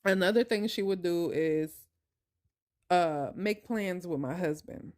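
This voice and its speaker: A woman hosting a podcast, telling a personal story in an emphatic, animated way and talking straight to her listeners. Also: lowish voice, a little slow. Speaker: podcast host.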